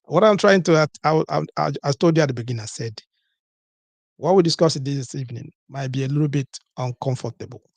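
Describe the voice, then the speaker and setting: A man with a gravelly, husky voice hosts a solo podcast in a dry, close-sounding room. He asks rhetorical questions and keeps coming back to the same points, checking in with listeners as he goes. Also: medium pitch, a little fast, no echo. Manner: rhetorical, repeats points with "okay?" and "what?". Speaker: podcast host.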